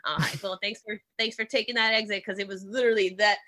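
Chatty woman rambling thru a story, bright voice, lots of likes and swearing. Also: medium pitch, steady tone, quick pace. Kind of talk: casual chat.

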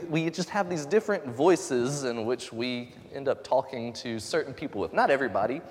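A man pastor giving a conversational sermon, relaxed and joking with lively asides. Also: medium pitch. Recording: long hall reverb.

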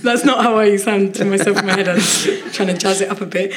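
A woman, a comedian, telling an animated story in casual chat on a live podcast, laughing often as she talks. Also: medium pitch, fast, noisy background. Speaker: comedian guest.

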